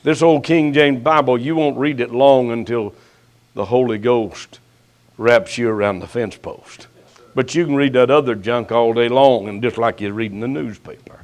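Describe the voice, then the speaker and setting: An older man preaching a sermon as pastor, his voice rising sharply and then dropping to a hush, with folksy, teasing jabs at his listeners. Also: mid-range voice. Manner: slow preaching with sharp rises and hushed drops.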